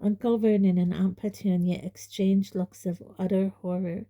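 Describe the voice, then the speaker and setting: A woman reading an audiobook in a measured, even narration. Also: mid-range voice. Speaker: audiobook reader.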